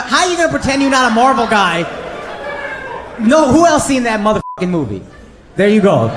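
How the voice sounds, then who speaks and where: A man doing stand-up comedy and loud, slangy crowd work in front of a live audience. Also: very high voice. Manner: loud, animated, slangy banter. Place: comedy club stage before a crowd. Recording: roomy live club sound with crowd noise.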